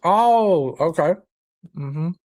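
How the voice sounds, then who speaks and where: A man's voice: fairly high pitch, expressive, extremely slow, a little mellow. A man hosting a live football watchalong, chatting casually, reacting to the match and viewers' comments, with occasional swearing. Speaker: watchalong host.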